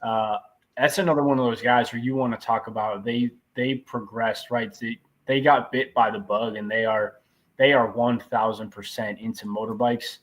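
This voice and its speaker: A laid-back man talks casually as a guest on a podcast, sounding enthusiastic. His voice sits at an ordinary pitch for a man. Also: steady tone, moderate pace. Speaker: podcast guest, racer and shop owner. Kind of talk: casual chat.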